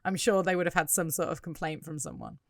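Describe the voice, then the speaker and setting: A woman's voice: low-pitched, huge pitch swings, quick pace, vocal fry, no echo, studio quality. A British woman co-hosting a podcast, picking apart the details of a scene in casual chat. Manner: careful, nitpicking detail. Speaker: podcast co-host.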